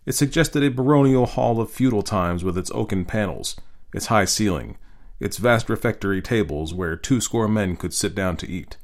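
A man hosting and reading a classic short story aloud in an expressive, varied narrating style. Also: lowish voice, normal speed. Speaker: host and story reader. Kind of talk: scripted narration.

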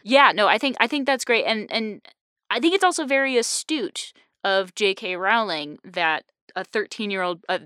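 A young woman hosting a casual podcast chat, animated and quick to laugh, with lots of restarts. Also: mid-range voice, clean tone, dry recording, clean studio sound. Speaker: podcast host.

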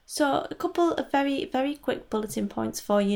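A woman's voice: fairly high pitch, lively intonation, brisk, vocal fry, hardly any pauses, darkish tone. A woman hosting a casual knitting podcast, chatting in a rambling way with lots of asides. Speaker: podcast host. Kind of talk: casual solo podcast chat. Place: home in Scotland.

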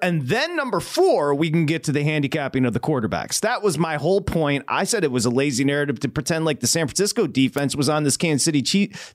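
A man's voice: fairly high pitch, no echo, studio quality. A man hosting a sports betting talk show, teasing and emphatic in a casual chat.

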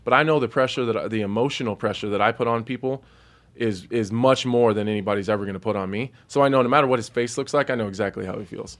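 A man talking fast about fighting in casual podcast chat. His pitch sits in the middle. He restarts sentences again and again as he rushes on. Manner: rapid, stumbling restarts. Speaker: fighter guest.

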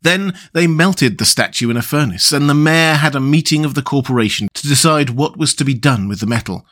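A man narrating a classic tale and hosting his storytelling show in a calm, even manner. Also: a little high, a little fast. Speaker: storyteller and podcast host.

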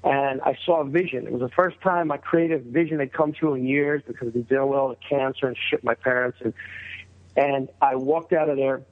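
A middle-aged man from New York, a guest telling a story in a casual, animated way and acting out the voices of the people in it. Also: brisk. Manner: animated, acts out quoted voices in a higher pitch. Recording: tinny phone-like line.

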